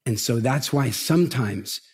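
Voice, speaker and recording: A man's voice: mid-range voice, measured pace, breathy edge. A middle-aged man giving a motivational talk on a stage, telling stories and asking the audience questions. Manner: animated storytelling, asks the audience questions. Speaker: motivational speaker. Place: large event stage with an audience.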